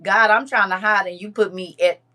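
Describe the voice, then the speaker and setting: A woman's voice: mid-range voice, fairly quick. A woman hosting a live stream, chatting expressively with her viewers while puffy-eyed from crying. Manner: chatty and expressive, addresses viewers as girl and honey. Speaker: livestream host. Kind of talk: casual chat to a live audience.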